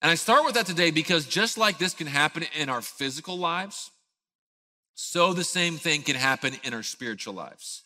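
Pastor, thirties, bright lively storyteller, big hall reverb. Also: male voice, fairly high pitch, normal speed. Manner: animated storyteller, acts out scenes. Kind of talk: sermon with a personal story.

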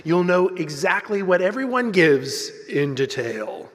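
A man voicing a deep-voiced male church ad announcer who intones in a smooth, salesy pitchman style. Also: sing-song, a little slow, fairly bright tone, in a large hall, heavily acted.

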